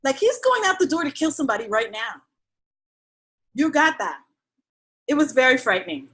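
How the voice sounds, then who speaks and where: A woman chats in an animated storytelling way, often laughing. Her voice is high and bright, and it leaps all over the scale. She swings from loud outbursts to soft, muttered asides. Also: moderate pace, long pauses.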